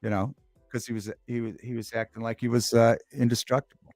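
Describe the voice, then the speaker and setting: On a relaxed livestream talk show, a man speaks fairly quickly in a middle-pitched voice, chatting loosely, reading live chat aloud and repeating beloved movie lines with obvious enjoyment. The mic is close and the sound dry, with quiet music in the background.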